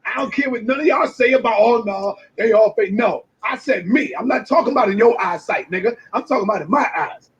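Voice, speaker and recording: A man in a brash, swearing reaction rant with loud outbursts, heard through dull lo-fi clip audio. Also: extremely high pitch, lively intonation, fast, hardly any pauses, husky. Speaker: commentator reacting to a video.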